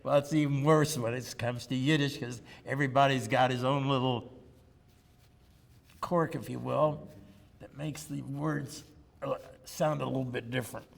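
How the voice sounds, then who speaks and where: A man's voice: medium pitch, fairly even intonation, moderate pace. An older man telling personal stories in an oral history interview, chatty and joking, on a lapel mic. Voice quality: gravelly. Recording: room with long reverb, faint ambience.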